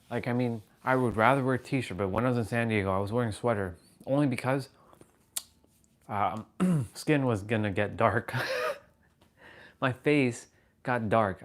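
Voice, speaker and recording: A man chatting casually on a live stream from his phone at home, rambling and greeting viewers by name. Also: medium pitch. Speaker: vlogger. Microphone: phone on gimbal.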